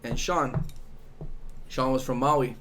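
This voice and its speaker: A man's voice: medium pitch, fairly even intonation, takes it slowly, noisy background. Laid-back young man from Hawaii. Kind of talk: casual chat.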